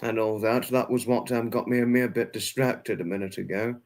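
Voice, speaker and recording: A man's voice: mid-range voice, steady tone, moderate pace, darkish tone. A man hosting a casual livestream, answering viewers' chat one by one and repeating himself a lot, with many fillers and restarts. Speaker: livestream host reading chat.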